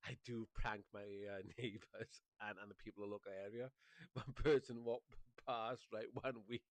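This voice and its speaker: A man's voice: fairly low pitch, steady tone, moderate pace, no echo. A Welsh man rambling through a casual vlog monologue, chuckling often and swearing freely, with many fillers. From Wales. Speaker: vlogger.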